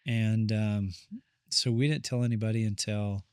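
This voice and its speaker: A man who works as a therapist, a guest on a podcast, telling a family story. His voice sits low, and he talks in an earnest, rambling way, acting out what people said. The recording is close and dry. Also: fairly even intonation, a little slow, a little mellow, smooth, dry recording. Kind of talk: casual storytelling conversation.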